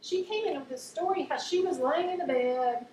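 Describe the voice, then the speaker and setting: A woman giving an earnest, faith-based talk to a group, telling stories warmly. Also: high-pitched, moderate pace. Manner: warm storytelling, earnest, laughs at funny stories. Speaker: speaker at a talk on chronic illness. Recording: echoey room, mic at a distance, faint background noise.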